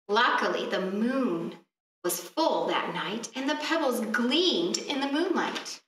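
Slow, lively woman reading a storybook. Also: a little high. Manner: expressive, asks the children questions. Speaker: children's librarian. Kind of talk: storytime read-aloud. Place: library room. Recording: echoey room, from far off.

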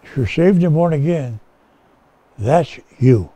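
Slow and warm, with a fairly high, expressive voice, a pastor delivers a casual Bible-teaching sermon at a rescue mission chapel. He's conversational and folksy, restarts a lot, and keeps asking "okay?" The low-quality recording has no room sound.

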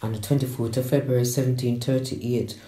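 A woman with a Jamaican accent reciting a dramatic poem, slow and emphatic, mixing patois and English. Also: extremely low pitch, steady tone, mellow, reverberant. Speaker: poet.

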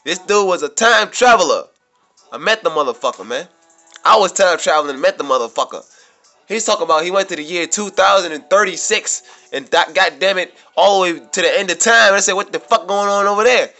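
A man with a bright, forceful, fairly high voice tells his story in a loose, rambling vlog monologue. He swears constantly, circles back over the same phrases, and gets louder and more worked up. Faint music plays behind him. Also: lively intonation, fairly quick. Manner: rambling, profane, repeats himself, gets worked up. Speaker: vlogger. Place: New York City.

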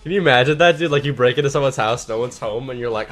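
A man giving live, profane gameplay commentary, mostly laid-back and mumbling, bursting into shouts at big plays. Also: mid-range voice, fast, faint music behind. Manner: profane, swears constantly. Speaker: gaming channel host.

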